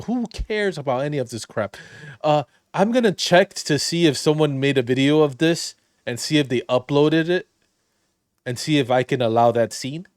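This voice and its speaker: A man's voice: on the high side, animated, normal speed, dry recording. A man doing casual, crude, joking commentary while playing a video game. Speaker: gameplay streamer.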